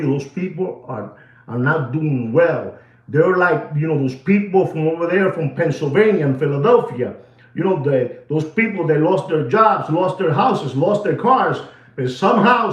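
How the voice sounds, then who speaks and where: Heated male host, slangy, mixes English and Spanish, distant dull mic. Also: high-pitched. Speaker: watch show host. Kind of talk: ranting commentary. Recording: roomy, distant, dull sound.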